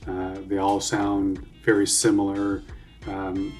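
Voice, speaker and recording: A man's voice: low voice, completely flat delivery, slow, darkish tone. A Canadian man hosting a music reaction video, talking casually, swearing freely and thinking aloud with lots of fillers.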